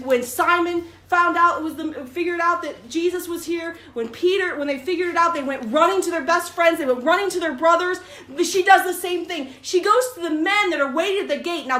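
A middle-aged woman leading a Bible study in a room, teaching with fervent, preacherly passion that builds to near-shouts. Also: high voice, echoey room. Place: room with a group.

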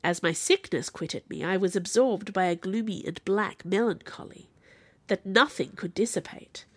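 A woman reading a classic novel aloud as narrator, with expressive, dramatic delivery. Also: mid-range voice, moderate pace, no room sound. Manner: expressive, dramatic in quoted speech.

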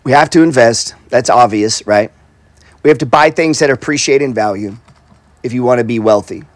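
A man's voice: medium pitch, moderate pace, dry recording. Blunt, swearing man talking money. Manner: blunt, profane, repeats himself, says "right?" and "bro". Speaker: real estate investor and coach. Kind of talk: casual motivational talk.

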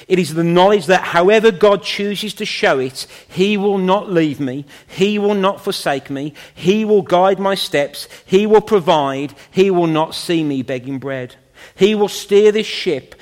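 A man preaching a sermon in a church, impassioned, rising high and falling to a low hush. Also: in a large hall.

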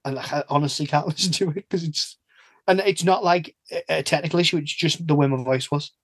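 A man's voice: fairly high pitch, a little fast, breathy edge, no room sound. A man chatting casually as a podcast host, laughing often and restarting his sentences. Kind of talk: casual chat.

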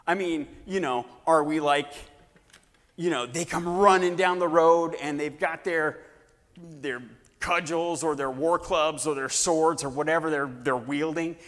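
Animated male preacher in a reverberant hall. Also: a little high, measured pace. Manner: animated, acts out scenes, swings between shouting and hushed tones. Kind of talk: sermon storytelling.

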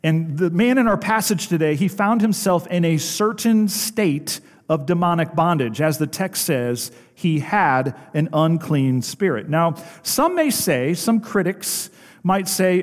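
A man's voice: on the high side, expressive, a little slow. A pastor preaching a sermon in an emphatic way, putting rhetorical questions to his congregation. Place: church sanctuary. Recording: long hall reverb.

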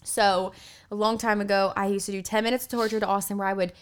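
A woman's voice: medium pitch, fast. A young woman telling family stories in a casual chat, laughing often and acting out the quotes. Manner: animated, laughing, acts out quotes. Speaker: storyteller.

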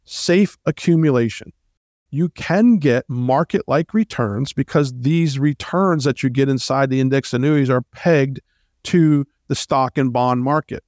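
A man hosts a retirement planning talk show in an emphatic, persuasive monologue. He keeps turning to the audience with rhetorical questions. His voice sits at an ordinary middle pitch, recorded close and dry with no room sound. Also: a little slow, darkish tone, no room sound. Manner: emphatic, with rhetorical questions and direct asides to listeners.

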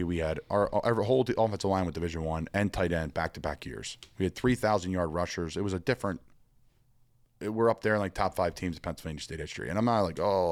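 A young adult man, a pro football player, telling stories as a guest in an energetic, rambling way and acting out the voices he quotes. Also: low-pitched, no echo. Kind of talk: animated storytelling conversation.

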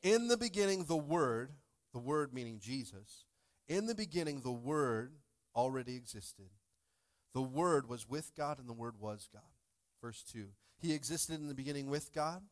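A man in his thirties preaches a sermon in a church, his voice at an everyday middle pitch. He cracks jokes and throws playful asides to the congregation. He swings between loud bursts and soft, quiet asides. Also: animated, normal speed. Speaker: pastor. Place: church sanctuary.

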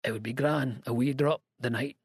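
A bleary, furtive old Scotsman, as a narrator puts him on, muttering in a hushed, wheedling brogue full of dark omens. The voice is slightly husky and dry, and it rises and falls unevenly as he speaks. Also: mid-range voice, fairly even intonation, moderate pace, no echo. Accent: Scottish. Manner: hushed, wheedling dialect speech. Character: bleary old Scottish man, furtive and superstitious.

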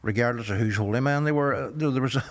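An older man in his sixties with a Northern Irish accent, telling a story in an interview in a measured, earnest way, often saying "you know". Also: mid-range voice. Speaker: guest.

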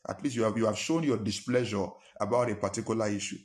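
A man's voice: on the low side, quick pace, darkish tone. A man preaching a sermon as pastor, emphatic and full of rhetorical questions. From Nigeria. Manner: emphatic, fires rhetorical questions, acts out quarrels in a raised voice.

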